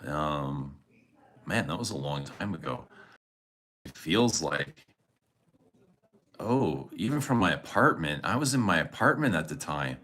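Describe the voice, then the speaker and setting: A man's voice: very deep voice, very animated, unhurried, long pauses, a bit bright. A man hosting a casual livestream, rambling about his day and reading viewer comments, chuckling often and swearing freely. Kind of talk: casual live chat.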